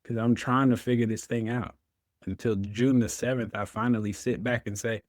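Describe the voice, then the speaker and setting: A man's voice: mid-range voice, fairly even intonation, moderate pace, no room sound, studio quality. A man, a veteran guest telling his story in an interview, acting out his own past words.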